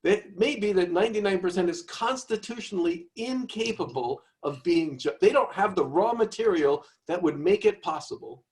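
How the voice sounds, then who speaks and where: Brief: male tutor running a class discussion, slightly high voice, pushes students to commit to their answers. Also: normal speed, few pauses, a little mellow. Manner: probing, coaxing students to restate and commit. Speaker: seminar tutor.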